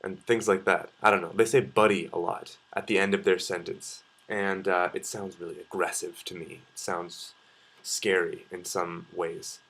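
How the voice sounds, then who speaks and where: A man's voice: low-pitched, flat delivery, normal speed, gravelly, a bit bright, husky. A man, talking casually to camera in a video response and thinking aloud with frequent ums and uhs. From Canada. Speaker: vlogger.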